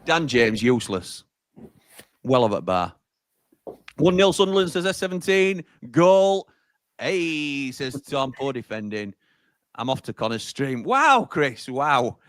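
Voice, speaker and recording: A man's voice: medium pitch, animated, measured pace, pauses often, no echo. A man from Sheffield hosting a fan watch-along stream, chatting casually and reading out viewer comments with frequent laughs.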